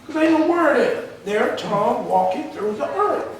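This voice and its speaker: A man's voice: extremely high pitch, sing-song, normal speed, a little hiss or hum. A man preaching a sermon with call-and-response, emphatic and colloquial, heard in a church hall. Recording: roomy echo, from far off the mic.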